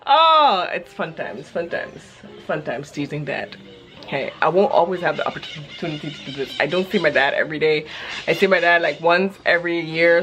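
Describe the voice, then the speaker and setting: Her voice sits on the low side with a slightly bright quality. She's a woman in her thirties vlogging in a yard, rambling through a casual chat in a playful, quick-thinking way.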